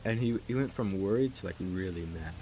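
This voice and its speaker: Deep-voiced man rambling through a story. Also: a little fast, a little mellow, a little hiss or hum, rough recording. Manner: rambling, lots of filler words. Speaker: gaming video creator. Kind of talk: casual storytelling over gameplay. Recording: music and rain behind voice.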